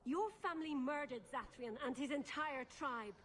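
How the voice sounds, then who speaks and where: An actress voicing a resentful, accusing elf in a video game. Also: female voice, high-pitched, moderate pace, fairly bright tone, a little hiss or hum. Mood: bitter.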